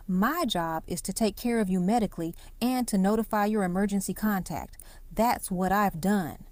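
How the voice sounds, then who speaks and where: A woman voicing a calm, even-toned female ER nurse speaking professionally. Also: mid-range voice, normal speed, no room sound, lightly acted. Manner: even, professional phone manner.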